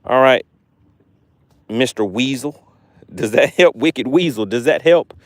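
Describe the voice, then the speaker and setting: A man's voice: medium pitch, lively intonation, measured pace, no echo. A man with a Southern US accent, from Georgia, hosting a fishing livestream outdoors by the water and chatting casually with viewers. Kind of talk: casual live-stream chat, reading comments.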